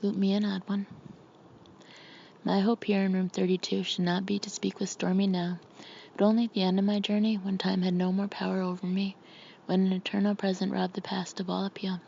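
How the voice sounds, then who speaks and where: A woman narrating an audiobook in a steady, measured reading. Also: medium pitch, vocal fry, slight background noise. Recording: slightly muffled recording.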